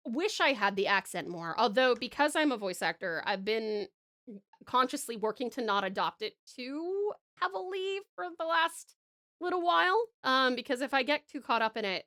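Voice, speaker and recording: Aussie lady streamer chatting w chat, bright voice, keeps restarting sentences. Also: a little high, animated, normal speed. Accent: Australian. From Australia. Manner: chatty, laughs often, trails off and restarts. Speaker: streamer and voice actor. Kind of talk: casual chat reading viewer messages.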